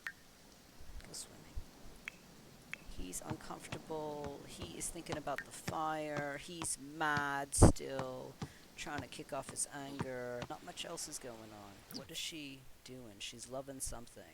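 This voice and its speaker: A woman's voice: very deep voice, unhurried, heavy background noise. A woman casually commenting on a life-simulation game she is playing, chatting playfully and speaking her characters' thoughts aloud. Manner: chatty, voices the Sims' thoughts in playful asides. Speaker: Let's Play host.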